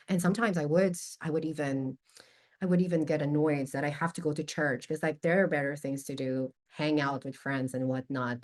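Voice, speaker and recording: Woman, podcast guest, conversational storytelling, expressive and candid, casual swearing, slightly low voice. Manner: animated, expressive anecdote-telling with casual swearing; candid, openly emotional.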